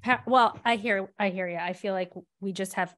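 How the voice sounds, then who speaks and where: A woman's voice: mid-range voice, brisk, fairly bright tone. A woman co-hosting a podcast in casual chat, with a voice that people call condescending. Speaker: podcast co-host.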